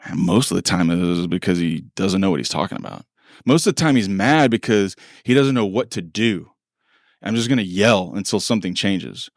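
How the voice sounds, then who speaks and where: In a studio-quality, dry recording, a middle-aged podcast co-host with a fairly low voice chats casually. He's animated, acting out quoted dialogue and laughing often as he tells stories.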